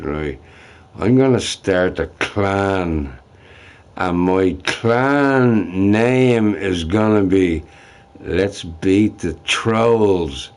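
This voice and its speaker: A young man rants to his live chat in a foul-mouthed, trash-talking manner. His voice sits fairly low and he drawls slowly through it. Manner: profane, trash-talking, ranting. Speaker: streamer. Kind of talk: livestream rant to chat.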